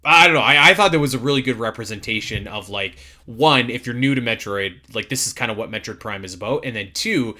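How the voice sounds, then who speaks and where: This young man co-hosts a casual podcast, and his voice is bright and punchy. He gushes with emphatic enthusiasm and often restarts his sentences as he goes. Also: medium pitch, fairly quick, hardly any pauses. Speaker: podcast co-host.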